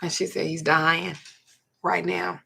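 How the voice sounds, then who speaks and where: Outspoken female spiritual host, low husky voice with fry. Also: flat delivery, takes it slowly, pushed and bright. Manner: blunt and profane, retelling a client's story. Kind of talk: livestream talk.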